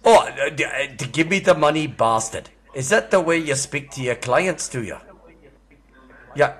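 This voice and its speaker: A man in his sixties with an Australian accent, baiting a scam caller with crude, mocking insults and sudden furious shouting. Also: fairly high pitch, lively intonation, moderate pace, slightly rough. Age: 60s. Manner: foul-mouthed, mocking, bursts into furious shouting. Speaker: scam baiter. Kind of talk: crude prank call.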